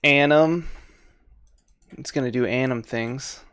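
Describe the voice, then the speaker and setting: A man's voice: mid-range voice, takes it slowly, a bit bright, clean tone, no echo, studio quality. A man running a tabletop game as dungeon master, laid-back and laughing often as he narrates.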